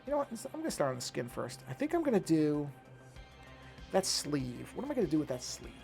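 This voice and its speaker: An artist streaming his digital drawing chats casually, rambling, correcting himself as he thinks aloud and apologizing for yawning. His voice sits on the high side with huge pitch swings, a fairly quick pace, vocal fry and a slightly mellow tone, with faint music behind.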